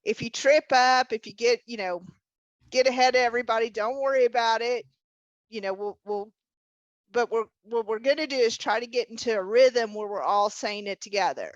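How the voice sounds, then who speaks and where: A woman's voice: fairly high pitch, normal speed, dry recording, lo-fi sound. A woman teaching a witchcraft class over a video call, patiently walking a group through a spell chant step by step. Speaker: witchcraft instructor.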